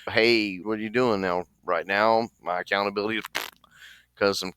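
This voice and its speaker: Chatty podcast man with a bright, smooth voice. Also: on the low side, steady tone, normal speed. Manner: chatty, jokey, addresses listeners directly. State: restless, leg bouncing while seated. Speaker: podcast co-host. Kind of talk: casual chat.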